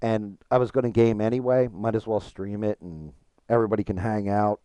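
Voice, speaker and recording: A man's voice: lowish voice, fairly even intonation, brisk, dark tone, smooth, no echo. A man chatting casually with his stream chat while gaming, frank and profane, rambling and restarting his thoughts.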